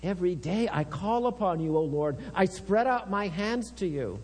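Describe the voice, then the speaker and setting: A man's voice: sits high, lively intonation, darkish tone. A man giving a sermon, reading psalms aloud with earnest intensity. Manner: slow, earnest, reads psalms with rising intensity. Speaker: preacher. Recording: long reverb with mains hum.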